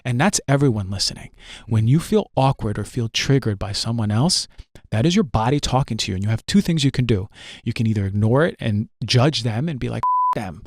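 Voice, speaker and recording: A man's voice: mid-range voice, expressive, brisk, a little mellow, no echo, studio quality. A man talking earnestly as a podcast guest, emphatic and repetitive, checking in often with "right?". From New Jersey. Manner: emphatic, repeats phrases, frequent "right?". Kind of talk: earnest conversational teaching.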